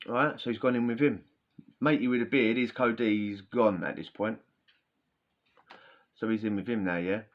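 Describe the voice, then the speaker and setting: A man's voice: on the low side, fairly even intonation, normal speed, long pauses. A man telling prison stories in a chatty, slangy, rambling way. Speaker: podcast host. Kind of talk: casual storytelling. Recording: dull lo-fi sound.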